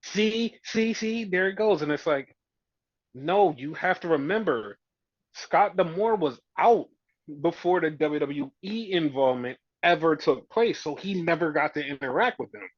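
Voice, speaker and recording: A man's voice: fairly high pitch, lively intonation, normal speed, no room sound, muffled recording. A man co-hosting a podcast, ranting heatedly and profanely, often mimicking fans. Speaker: podcast co-host. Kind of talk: casual opinion rant.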